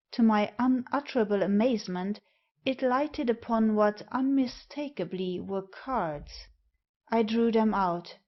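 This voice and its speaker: A woman reads a Victorian story aloud as narrator, measured and deliberate. The pace is very slow, and the recording sounds dull and lo-fi. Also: medium pitch. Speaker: audiobook narrator.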